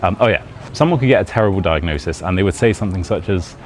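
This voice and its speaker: Deep-voiced British man chatting outdoors. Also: animated, fast talker. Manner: chatty, rambling, often laughing. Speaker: British English teacher and YouTuber. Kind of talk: casual vlog talk. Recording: outdoor street noise behind.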